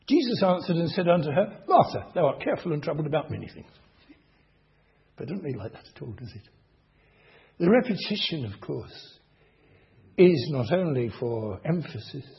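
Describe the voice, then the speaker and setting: A man preaching a sermon slowly and deliberately, asking the congregation rhetorical questions. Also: a little high. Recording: dull lo-fi recording.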